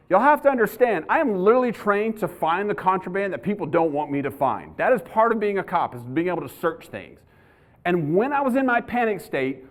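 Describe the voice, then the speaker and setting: A middle-aged police trainer, giving a live training talk to an audience and telling stories as he goes. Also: sits high. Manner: conversational storyteller, acts out his own panic. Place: university lecture hall.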